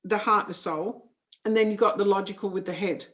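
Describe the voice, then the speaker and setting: A woman's voice: medium pitch, fairly even intonation, fairly quick, a bit bright. A middle-aged woman with a New Zealand accent, a psychic medium speaking frankly and firmly in a casual interview. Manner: frank, firm and matter-of-fact.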